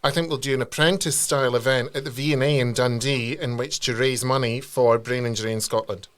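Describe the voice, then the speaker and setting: A man's voice: mid-range voice, fairly even intonation, quick pace. A man co-hosting a casual podcast chat, throwing in dry, teasing wisecracks. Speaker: co-host.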